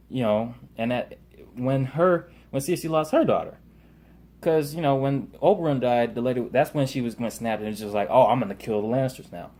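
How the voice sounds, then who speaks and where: A man's voice: mid-range voice, mellow. A man casually recapping a TV episode, rambling with lots of fillers and loosely paraphrased quotes. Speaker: TV show reviewer.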